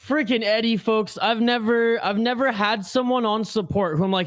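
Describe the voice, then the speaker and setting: A man's voice: high voice, fairly even intonation, normal speed, fairly bright tone, no echo, studio quality. A man hosting a hockey watch-along live stream, chatting and ranting casually with viewers. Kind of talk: casual live-stream chat and game commentary.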